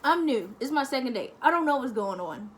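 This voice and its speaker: A young woman vlogger telling a casual story to camera, chatty and lively, acting out the other people. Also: high voice, brisk, slight background noise. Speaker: family-channel vlogger.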